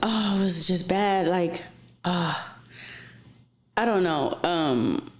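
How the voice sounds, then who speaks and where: A woman's voice: fairly low pitch, expressive, slow pace. A woman guest telling stories in casual chat, frank and profane, with lots of fillers, sometimes dropping to a near-whisper. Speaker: interview guest. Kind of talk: casual storytelling. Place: office.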